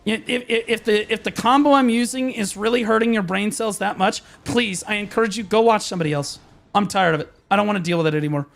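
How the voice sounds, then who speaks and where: A man's voice: high voice, fast talker, vocal fry. A young man streaming a game, ranting in a frustrated, profane, rambling way with many restarts. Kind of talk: live-stream rant.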